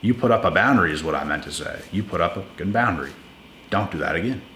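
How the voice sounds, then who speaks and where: A man's voice: low-pitched, animated, fast talker, sharp tone, reverberant, slight background noise. A man giving blunt, emphatic relationship advice in a casual monologue to his viewers. He repeats words for stress and calls listeners "bro".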